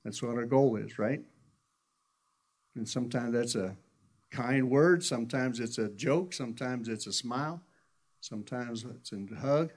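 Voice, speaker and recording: A man's voice: mid-range voice, a little slow, long pauses, a little mellow. Folksy male pastor telling stories. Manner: conversational storytelling, folksy with repeated restarts. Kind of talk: sermon.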